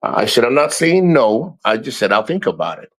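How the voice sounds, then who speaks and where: A man's voice: medium pitch, very animated, normal speed, a bit bright, low-quality recording. A middle-aged man chatting casually in a vlog, rambling and retelling a conversation with his family. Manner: rambling, repeats himself, retells dialogue. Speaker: vlogger.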